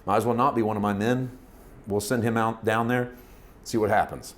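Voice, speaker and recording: A man voicing a weary, cynical king who talks low and gruff. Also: fairly even intonation, normal speed, lightly acted. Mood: resigned.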